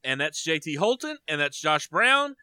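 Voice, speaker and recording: Man, podcast co-host, bright edge, dry close sound, teasing, casual sports chat. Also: on the high side, moderate pace, clear, resonant tone, no echo. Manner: chatty, teasing, animated when excited.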